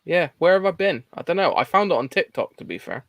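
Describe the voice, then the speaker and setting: Gravelly-voiced man hosting a chat. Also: sits high, expressive, quick pace, a bit bright, dry recording. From England. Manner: rambling, laughs often. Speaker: host. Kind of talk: casual livestream chat.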